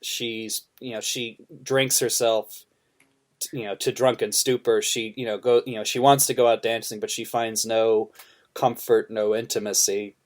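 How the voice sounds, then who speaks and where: A man's voice: fairly low pitch, flat delivery, moderate pace. Hesitant man musing on a film. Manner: thoughtful, hesitant, many fillers and restarts. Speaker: podcast co-host. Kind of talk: casual film discussion.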